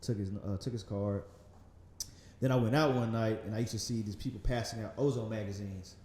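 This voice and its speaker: A man in his thirties with a light Southern accent, a podcast guest talking in a relaxed, rambling way, often laughing and saying "man". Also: on the low side, fairly quick, echoey room. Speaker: magazine founder, podcast guest. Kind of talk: casual interview conversation. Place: podcast studio.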